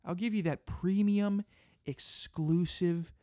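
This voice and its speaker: High-voiced man in a crude comic rant. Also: moderate pace, fairly bright tone, dry recording, studio quality. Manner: crude, profane, mock-pompous ranting. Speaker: podcast host. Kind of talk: comedic monologue.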